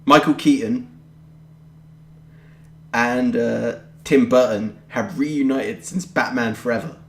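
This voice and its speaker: A man's voice: medium pitch, slow pace. A young man, co-hosting a podcast in casual chat, rambling and offhand with a jokey way of talking. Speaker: podcast co-host. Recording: roomy echoey home recording.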